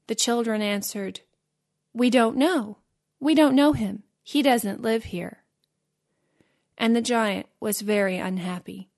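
Give me a woman reading a simple storybook slowly and clearly. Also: on the high side. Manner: slow, clear, careful reading. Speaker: narrator.

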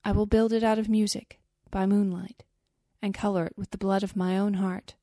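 Tender storybook nightingale, earnest and pleading, read by a woman with a warm, dry voice. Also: mid-range voice, little pitch movement, normal speed, no room sound, natural voice. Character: small devoted female nightingale, brave and tender.

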